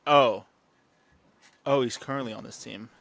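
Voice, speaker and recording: A man's voice: medium pitch, unhurried, vocal fry, crowd noise. A man talking sports with friends on a podcast, loose and jokey. He laughs a lot and fumbles for names while he chats. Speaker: podcast co-host. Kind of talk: casual sports chat.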